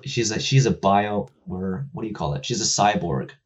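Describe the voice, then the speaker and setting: A man in casual chat with a low, husky voice, rambling and swearing through many fillers. He acts out the characters' lines as he retells a story. The sound is dull and lo-fi. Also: moderate pace. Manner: gets loud and excited when making a point.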